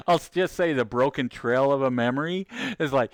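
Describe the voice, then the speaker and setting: Male streamer, relaxed rambling chatter with viewers, laughs a lot, smooth voice, dry close sound. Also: mid-range voice, normal speed, dry recording. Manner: rambling, laughs often, loses his train of thought. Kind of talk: casual livestream chat with viewers.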